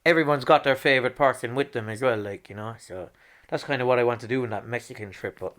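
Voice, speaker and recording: A man's voice: mid-range voice, fast. Swearing man around forty, storytelling. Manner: swears freely, animated, acts out quotes. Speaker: guest. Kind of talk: casual storytelling chat.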